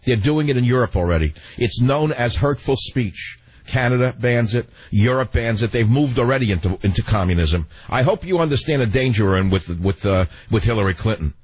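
A man's voice: mid-range voice, lively intonation, brisk, darkish tone, husky, no room sound. An older man hosting a call-in radio talk show, blunt and sardonic, laughing often.

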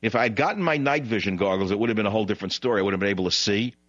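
A man hosting a call-in radio show, telling a long rambling anecdote in a blunt, digressive way, his voice jumping high when he retells what others said. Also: racing, fairly bright tone, no room sound, muffled recording. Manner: blunt, digressive, frequent "blah, blah, blah". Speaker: radio talk show host.

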